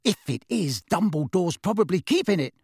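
A man's voice: sits high, sing-song, moderate pace, a little mellow, husky, dry recording, studio quality, pitched above the performer's own voice, exaggerated voice. A man voicing a mischievous teenage boy wizard in a storybook reading, speaking with relish. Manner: relishing, teasing.

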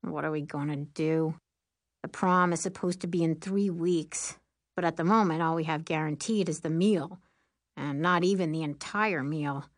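Woman reading anxious teen boy class president, low and dry, sighing delivery. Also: fairly even intonation, normal speed, dry recording, lightly acted. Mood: worried. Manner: worried, sighing, glum.

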